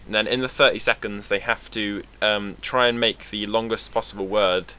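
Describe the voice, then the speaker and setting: A young British man from England talking to camera in a casual, rambling vlog, sarcastic and quick to swear. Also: lowish voice, steady tone, pushed and bright, smooth. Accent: British English. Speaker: vlogger.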